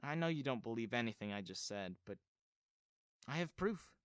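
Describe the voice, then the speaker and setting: A man voicing a young stepmother who speaks gently and calmly. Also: mid-range voice, moderate pace, smooth, dry recording, studio quality, lightly acted. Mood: gentle calm. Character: young stepmother, sweet and calm.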